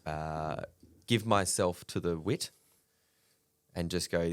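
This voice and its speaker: A man's voice: low voice, slow pace, clear, resonant tone, no echo, studio quality. A man, a comedian chatting candidly on a podcast, swearing freely and laughing between stories. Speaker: comedian guest. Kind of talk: casual podcast chat.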